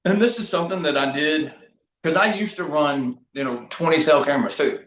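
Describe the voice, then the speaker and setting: A man guesting on a podcast, telling hunting stories in a lively, casual way, speeding up in bursts. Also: fairly high pitch. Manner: animated, talks fast in bursts, laughs mid-story. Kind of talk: casual storytelling chat. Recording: roomy echo.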